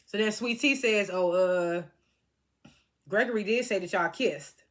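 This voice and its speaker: A woman's voice: mid-range voice, slow pace, a bit bright. Chatty woman recapping reality TV. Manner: chatty, laughs often, quotes cast members. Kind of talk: casual recap.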